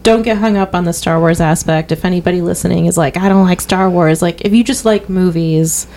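A woman's voice: fairly low pitch, fairly quick, a little mellow. A woman co-hosting a podcast in casual chat, chatty and enthusiastic with many fillers. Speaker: podcast co-host.

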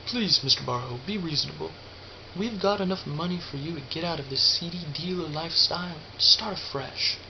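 A man voicing a soft-spoken, polite male corporate agent in an audiobook. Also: a little high, a little fast, vocal fry. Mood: coaxing. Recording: dull lo-fi with faint hiss.

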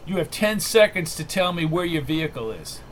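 A man doing a tense hero raised in pitch. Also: sing-song, brisk, slight background noise, poor audio. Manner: urgent and clipped. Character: determined man racing to stop a killing.

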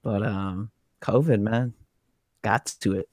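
Low-voiced man, dry and matter-of-fact. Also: fairly even intonation, takes it slowly, darkish tone, dry recording. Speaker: podcast co-host. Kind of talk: casual chat.

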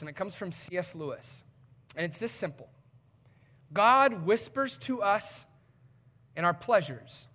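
A male pastor preaching a sermon in an animated, conversational way with emphatic swings in delivery. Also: sits high.

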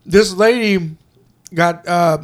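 High-voiced man telling stories. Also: slow pace. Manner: animated storyteller acting out quotes, laughs often. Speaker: podcast co-host. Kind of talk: casual storytelling chat.

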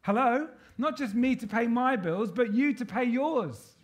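Male preacher with a high voice, emphatic sermon delivery, call-and-response with the congregation. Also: lively intonation, unhurried.

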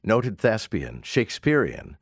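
A man's voice: fairly low pitch, huge pitch swings, a little slow, creaky, slightly rough, dry recording, clean studio sound. A man hosting a morning talk radio show, chatting with callers and guests and dropping wry asides. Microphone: studio microphone.

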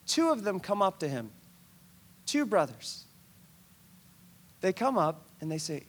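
A male pastor preaching a conversational sermon, retelling a scripture story in an animated, storytelling way. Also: sits high, unhurried, long pauses, husky.

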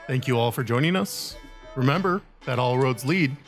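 A man runs a tabletop role-play podcast as its game master, narrating in a calm, steady voice at a middle pitch. Soft music plays faintly behind him. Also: normal speed.

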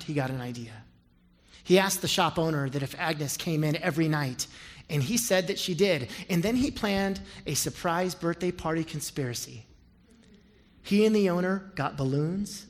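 In a large church sanctuary, a man with a higher-pitched voice preaches as pastor, telling a story and leading prayer. He starts with quiet storytelling and builds to loud, impassioned appeals that fill the big hall.

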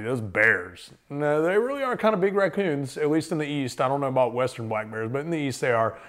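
Rambling casual male storyteller. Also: mid-range voice. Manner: rambling, filler-heavy, animated storyteller. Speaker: interview guest, hiker.

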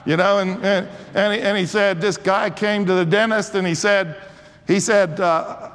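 Sixties male pastor, fervent preaching with restarts, a touch high-pitched, long reverb of a church hall. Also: steady tone, normal speed, a bit bright. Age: 60s. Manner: preaching with rising fervor and frequent restarts. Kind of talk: sermon.

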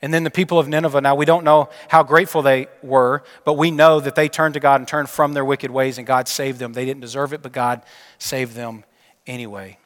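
A pastor preaches in a church sanctuary with a long hall reverb. His voice sits at an ordinary middle pitch. He tells the story plainly, asks his listeners questions, and often sinks to a hushed, low voice to land a point. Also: flat delivery, fairly quick. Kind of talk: sermon.

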